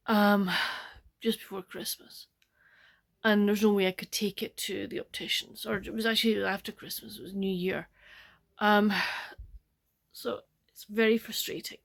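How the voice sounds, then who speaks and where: At home, a book vlogger, an older woman with a Scottish accent, talks in a meandering, quiet manner for her diary-like vlog. Her mid-range voice often fades to just above a whisper.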